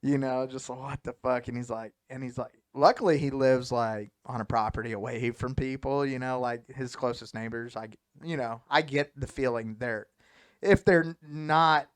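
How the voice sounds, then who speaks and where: Man, podcast host, mid-pitched voice, rambling profane storyteller. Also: steady tone, moderate pace, clear, resonant tone, no echo, studio quality. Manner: rambling, profane storyteller who laughs often. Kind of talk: casual podcast conversation.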